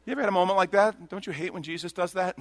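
A man preaching a sermon in a conversational, animated way, often acting out the people he quotes. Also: high voice, rapid-fire, dry recording. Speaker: pastor.

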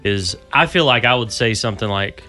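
A man's voice: on the low side, expressive, a little fast, sharp tone, faint music behind. A man co-hosting a morning radio show, tossing in wry, teasing remarks. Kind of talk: casual morning radio chat.

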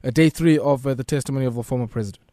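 A man's voice: medium pitch, rapid-fire, dark tone, dry recording, studio quality. A man hosting a radio talk show, switching between isiZulu and English and dropping in short interjections.

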